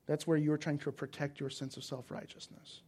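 A male preacher gives a sermon in a conversational, storytelling manner, with a slightly higher-than-usual pitch. He builds to emphatic, intense points. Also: little pitch movement, fairly quick, mellow. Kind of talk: sermon with personal stories.

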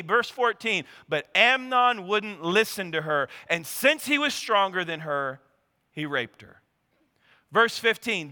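A male preacher delivering an intense sermon, dropping to a hush at the heaviest moments. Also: sits high, clear, resonant tone, big-room sound.

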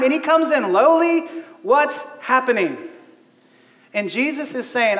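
A man with a very high voice preaches a lively sermon, laughing often and acting out the people he quotes. His voice carries through a church hall with a long, roomy reverb. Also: measured pace, pauses often. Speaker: pastor. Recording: echoey hall.

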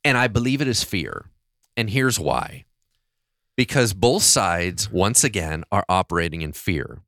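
A man's voice: low-pitched, lively intonation, unhurried, gravelly, fairly bright tone, no echo, clean studio sound. A man co-hosting a podcast in a casual discussion, telling stories expressively and acting out his own reactions. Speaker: podcast co-host.

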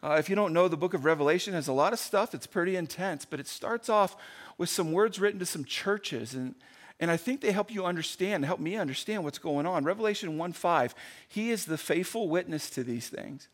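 Pastor guy, kinda high voice, telling a story in a sermon, gets loud and fast then drops real quiet and slow. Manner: animated storyteller, swinging between loud bursts and hushed, slow passages.

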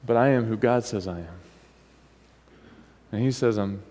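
The pastor here has a lowish, dark-toned voice and preaches at a moderate pace. He speaks casually to the congregation in church, regularly asking for their responses, with long hall reverb on the recording.

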